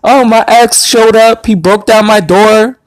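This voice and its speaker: A man voicing a hysterical, sobbing adult woman in a shrill falsetto. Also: steady tone, a little slow, no echo. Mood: frantic.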